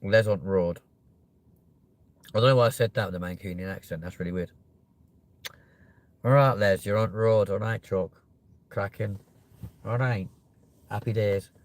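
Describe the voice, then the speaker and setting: A man's voice: lowish voice, steady tone, moderate pace, pauses often. A young man hosting a live stream, chatting casually and joking with viewers, with plenty of swearing. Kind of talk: rambling live-stream chat.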